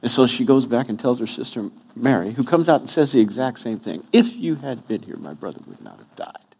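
A man's voice: medium pitch, brisk, a little mellow, breathy edge. A pastor preaching a sermon, acting out quotes with wide swings in his voice.

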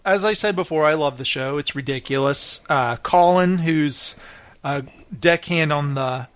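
A man's voice: on the high side, measured pace, clean tone, dry recording. A man hosting a podcast, animatedly retelling TV scenes in casual chat and laughing often. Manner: animated storyteller acting out quotes, laughs often. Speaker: podcast host. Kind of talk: casual chat recapping TV shows.

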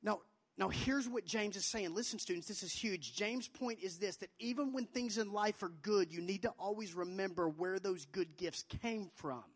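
A young man preaching a sermon to students as a youth pastor, emphatic and repeating his phrases. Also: normal speed. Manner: emphatic, repeats phrases, acts out quotes in a high childlike voice.

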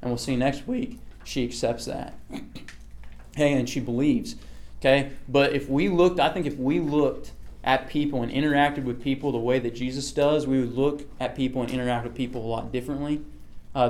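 A man's voice: mid-range voice, steady tone, moderate pace, a little mellow. A man leading a casual Bible study, talking through a passage in a conversational way, often checking in with "okay" and asking the group questions.

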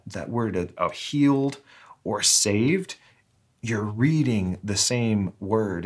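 A pastor delivers an earnest, heartfelt sermon, halting and restarting as he searches for words. His voice is slightly rough and sits a little low for a man, and when he reads scripture he slows down, lingering over each phrase.

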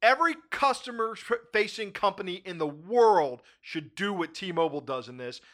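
Bright-voiced laughing male host. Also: sits high, normal speed. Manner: animated, laughs often, repeats words. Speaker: podcast host. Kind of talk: casual chat.

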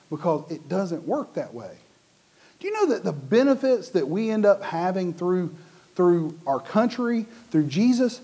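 A middle-aged man from the United States preaching a sermon in a conversational way, acting out the voices of the people in his stories. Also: high voice. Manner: animated, acts out quoted voices. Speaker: pastor.

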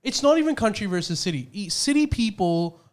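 A young Australian man co-hosting a podcast, his voice sitting a little high. He talks in loose, rambling bursts and slips into quick put-on voices for the people he describes. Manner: rambling, animated storytelling with put-on quotes. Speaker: podcast co-host. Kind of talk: casual podcast banter.

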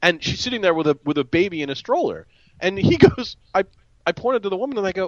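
An animated man telling a story on a casual podcast, acting out the people he quotes. His pitch swings widely as he talks. The recording is dull and lo-fi, with a dry, close sound. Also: fast, dry recording. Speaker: podcast co-host. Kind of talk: casual group chat.

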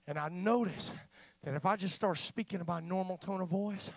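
A high-voiced male preacher, his tone gravelly and cutting. He swings between slow, hushed talk and loud, passionate shouting, with lots of "uh" between phrases. The sound is close and dry, with no room around it. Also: no echo. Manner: swells from quiet, drawn-out talk into shouted, impassioned preaching; fills pauses with frequent "uh". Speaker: father. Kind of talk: sermon.

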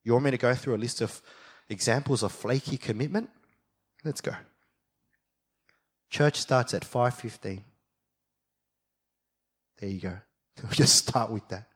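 A young adult man preaching a sermon as a pastor, moving from quiet reflection to fired-up passion. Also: medium pitch, measured pace, pauses often, slightly rough.

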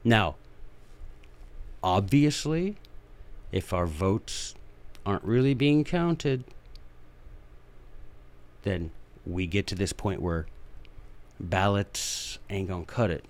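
A fired-up man hosts his own show, driving his points home and repeating them for emphasis. His pitch swoops and jumps as he talks, and his speech stays folksy and emphatic. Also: lively intonation, takes it slowly, pauses often. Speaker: podcast host. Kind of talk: impassioned political commentary.

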